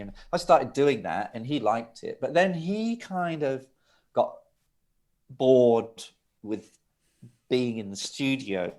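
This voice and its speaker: A man's voice: medium pitch, takes it slowly. Man telling studio stories. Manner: lively, laughing, with restarts and asides. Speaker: guest, record producer. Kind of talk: anecdotal interview storytelling.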